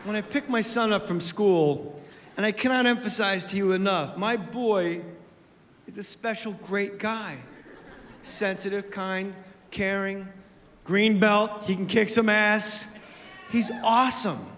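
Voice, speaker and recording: Casting note: male stand-up comedian, high voice, punchy shouted bits, live room with a long reverb. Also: unhurried. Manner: energetic, shouts punchlines, drops to a soft voice for asides. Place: comedy club stage. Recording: echoey club with noise.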